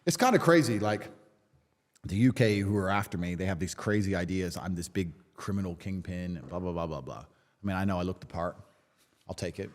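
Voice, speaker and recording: A man's voice: low voice, expressive, brisk, in a large hall. A man in a casual podcast conversation, talking in a defiant, emphatic way and swearing freely. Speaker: podcast guest.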